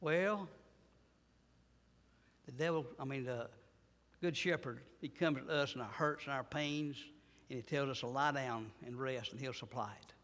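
A man's voice: medium pitch, moderate pace, pauses often, fairly bright tone, big-room sound. An older man preaching a sermon, telling folksy stories and rising to emphatic bursts.

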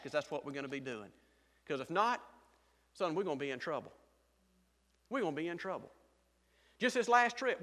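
A man's voice: very high voice, pushed and bright, long reverb tail. A man with a Georgia Southern accent preaching a humorous sermon as a missionary pastor, telling folksy stories and laughing often. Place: church sanctuary.

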